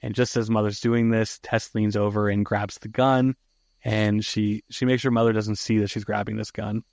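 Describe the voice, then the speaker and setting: A man on a podcast loosely retelling a film plot, with swearing and frequent "uh"s and "like"s. His voice is low, and the recording is dry and close with no room sound. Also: level tone, moderate pace, gravelly, darkish tone, dry recording. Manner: casual, profane, many fillers. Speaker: podcast host. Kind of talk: casual movie recap.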